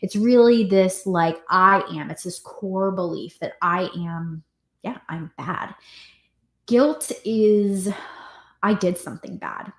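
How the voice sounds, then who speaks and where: A woman working as a parenting coach, talking casually to the camera and often pausing to rephrase her thoughts with fillers. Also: medium pitch. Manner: conversational, with many fillers and restarts. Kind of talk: casual reflective talk to camera. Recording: echoey room.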